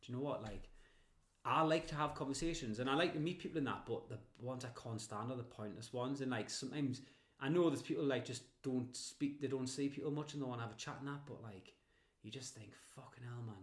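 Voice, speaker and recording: A man's voice: medium pitch, a little fast, reverberant. A man co-hosting a podcast in casual chat. He laughs a lot, swears freely and acts out little scenes. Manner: laughs often, sweary, acts out bits of stories. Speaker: podcast co-host.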